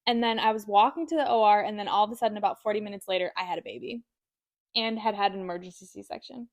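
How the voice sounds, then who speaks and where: A woman's voice: medium pitch, fast talker, dry recording. A woman co-hosting a casual podcast, reading a listener's story aloud, swearing and laughing often. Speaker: podcast co-host.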